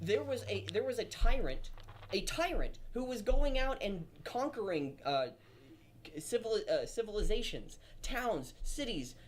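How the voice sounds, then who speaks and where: A man's voice: high voice, very animated, a little slow, slight background noise. A man giving opinionated video commentary, rambling and stumbling over his words.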